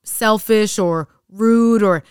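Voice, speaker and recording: This is a woman in her thirties, a teacher who co-hosts a podcast. She tells animated classroom stories in a casual way and slips into other people's voices for quotes. Her voice is smooth and clear, recorded close and dry. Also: mid-range voice, slow pace, dry recording.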